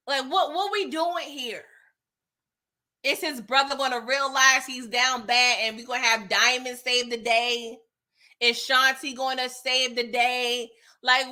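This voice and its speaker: Bright-voiced woman ranting about a show. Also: high voice. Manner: frustrated, animated, talks straight to viewers. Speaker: TV recap host. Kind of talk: casual recap reaction and chat comments.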